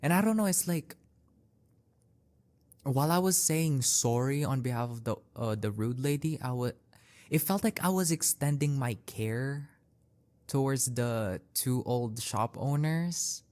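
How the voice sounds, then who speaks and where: A young male podcast host talks through his stories at a slow pace. He is casual and easygoing, with many fillers and restarts. His voice sits at a middling pitch. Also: animated, a little mellow. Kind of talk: casual storytelling monologue.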